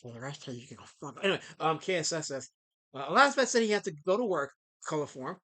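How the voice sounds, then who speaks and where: A man's voice: sits high, animated, fast, a bit bright. A middle-aged man who creates comics, chatting casually on a live stream, rambling with many fillers and snapping back at his chat.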